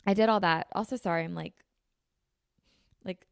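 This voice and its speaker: Chatty young American woman with a gravelly voice. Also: on the low side, moderate pace, no echo, clean studio sound. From Philadelphia suburbs. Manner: chatty, filler-heavy, says "like" constantly. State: sniffly, slightly runny nose. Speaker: podcast host. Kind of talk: casual chat. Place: apartment room. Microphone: podcast mic with video.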